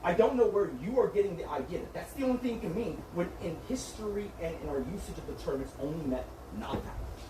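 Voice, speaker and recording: A fast-talking streamer's manager berates and lectures with profanity during a heated argument, pressing his own view. His voice sits high, with lively intonation. The recording is far off in an echoey room with faint noise.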